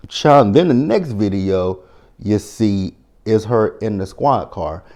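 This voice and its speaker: A young man in sassy commentary mode, his low, mellow voice swinging all over as he tells the story. He talks in a casual, chatty way and slips into mock voices for the people in it. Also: expressive, takes it slowly. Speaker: commentary host.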